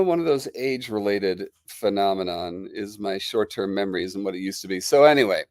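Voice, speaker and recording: A man's voice: fairly low pitch, no room sound. Middle-aged New Jersey guy hosting a livestream, rambling and chatty, nursing a cold, dry close sound. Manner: chatty and rambling, greeting viewers. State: has a lingering cold. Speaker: livestream host. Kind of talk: casual live-stream chat.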